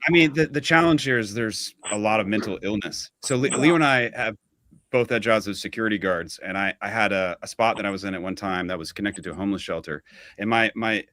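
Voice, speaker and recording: A man from Austin, Texas, a musician guest on a podcast, speaking in a halting way and often repeating words as he thinks. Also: on the low side, pushed and bright. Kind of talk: casual chat.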